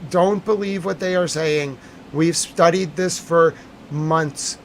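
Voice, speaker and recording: A man's voice: a little high, steady tone, takes it slowly, a little hiss or hum. A man giving live-streamed commentary on breaking news, agitated and emphatic, repeating his points.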